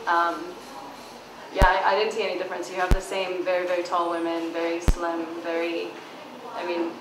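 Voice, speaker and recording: A woman's voice: fairly low pitch, completely flat delivery. A woman reading aloud from her own novel at a book launch, giving the dialogue some emphasis. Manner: reads dialogue with emphasis, casual and halting when answering. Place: bookstore event space. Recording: echoey room, far from mic, background noise.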